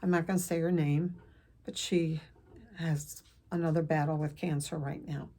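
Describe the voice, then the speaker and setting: An older woman telling a personal family story to camera, earnest and emotional, with pauses and restarts. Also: sits low, creaky, darkish tone, husky. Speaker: counselor vlogger.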